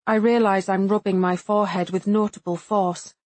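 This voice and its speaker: A woman's voice: mid-range voice, fairly even intonation, a little mellow, no room sound. Woman reading an audiobook. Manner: measured, introspective, voices other characters lightly. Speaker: audiobook narrator. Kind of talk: first-person audiobook narration.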